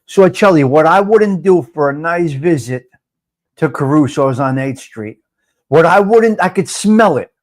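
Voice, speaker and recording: Loud, cursing host. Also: male voice, a little high, lively intonation, unhurried. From North Jersey. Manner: loud, profane, talks to viewers by name. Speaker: live show host. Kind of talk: casual live-stream chat.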